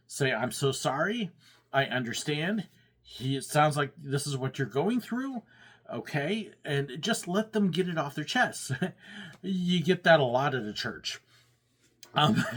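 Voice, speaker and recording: A former pastor and theme park worker tells stories casually, laughing often and acting out quoted complaints. His chatty voice is a little high and a bit bright.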